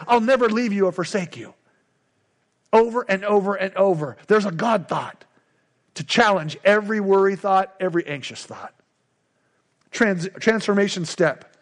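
A middle-aged male pastor preaching a sermon with emphatic, repetitive call-and-response lines. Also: high-pitched.

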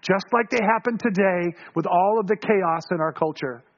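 A male pastor preaches a sermon, telling the story by animatedly acting out voices and chuckling often. His voice is high-pitched at a moderate pace, and the audio is dull.

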